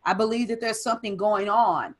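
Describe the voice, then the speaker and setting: Casting: woman business coach, interview guest, emphatic and driving, mid-pitched voice. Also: a little fast. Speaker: personal development coach and business strategist. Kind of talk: casual interview conversation.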